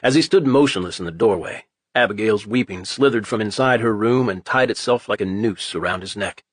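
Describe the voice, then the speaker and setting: A man reading a horror audiobook in a measured, dramatic way. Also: fairly low pitch, husky, no echo. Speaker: audiobook narrator. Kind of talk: scripted horror narration.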